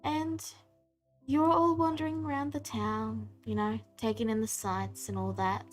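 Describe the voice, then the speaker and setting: A woman narrating a tabletop game as game master, unhurried, with pauses and fillers, from her computer at home. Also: on the high side, fairly even intonation, faint music behind.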